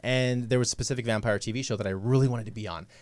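A man talking about his novel as a guest on a radio talk show, chatty and animated, acting out his own thoughts. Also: mid-range voice, very fast. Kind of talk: casual talk-show chat. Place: radio studio.

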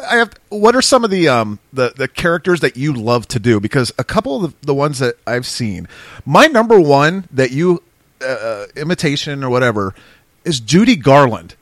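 Animated teasing male co-host. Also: mid-range voice, moderate pace, dry recording. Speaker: podcast co-host. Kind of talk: casual podcast chat.

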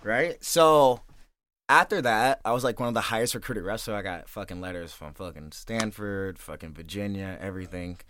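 A man's voice: on the low side, normal speed, fairly bright tone, slight background noise. A man from St. Louis, a fighter guest on a podcast, telling his life story casually, swearing constantly and asking "right?" after every few phrases. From St. Louis, USA. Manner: profane, laid-back, keeps checking in with "right?".

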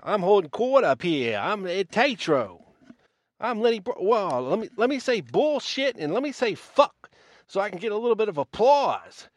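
A man mimicking a boastful male conference speaker in a higher, louder, mocking voice. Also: very animated, normal speed, dry recording. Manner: mocking, swaggering.

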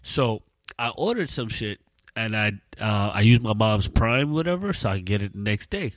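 A man's voice: lowish voice, expressive, normal speed, dry recording. A man co-hosting a podcast, talking in casual chat with profane, laid-back street slang. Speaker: podcast co-host.

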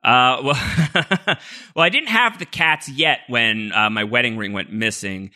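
A man's voice: mid-range voice, unhurried, bright, forceful tone. A man co-hosting a casual podcast, reading out listener mail with lots of fillers and easy laughs. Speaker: podcast co-host. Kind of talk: casual chat.

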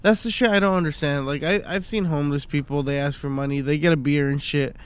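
A man's voice: fairly high pitch, fairly even intonation, fast talker, clean tone. A man co-hosting a casual podcast chat, drunk, rowdy and swearing as he tells stories. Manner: rowdy, swearing, laughing storyteller. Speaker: podcast co-host.

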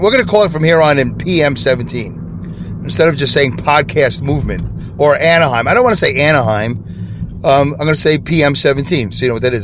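A man's voice: mid-range voice, poor audio. Rambling man podcasting from his car. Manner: rambling, chatty, easily sidetracked. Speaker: podcast host. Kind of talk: unscripted solo podcast from a car. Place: inside a car. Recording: car interior with traffic noise. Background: traffic and street noise.

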